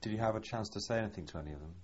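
A male interviewer asking measured, probing questions in an oral history interview, with some hesitations. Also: lowish voice. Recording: dull lo-fi tape with faint hiss.

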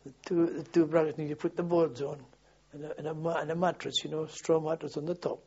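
A man's voice: fairly high pitch, little pitch movement, brisk, darkish tone, slightly rough. An older man, recalling his army days in a rambling way, repeating words and chuckling. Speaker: interviewee recalling army service. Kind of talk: oral history reminiscence. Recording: dull lo-fi archive tape.

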